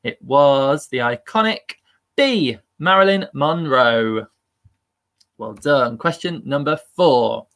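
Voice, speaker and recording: A man's voice: mid-range voice, animated, takes it slowly, a bit bright. A man hosting a live-streamed quiz, upbeat and chatty and laughing at himself. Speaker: quiz host.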